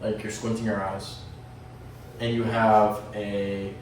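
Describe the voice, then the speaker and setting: Male host, lowish voice, rambling and provocative, roomy echo with a faint background hum. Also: flat delivery, slow pace, a little mellow. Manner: rambling, provocative, laughs at himself. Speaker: podcast host. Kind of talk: casual podcast chat. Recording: echoey room, mic at a distance.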